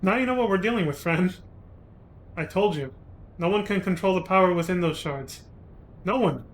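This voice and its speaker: A man reading the lines of a male inventor ally from a game, brisk and explanatory. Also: high-pitched, animated, a little hiss or hum. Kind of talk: reading game dialogue aloud.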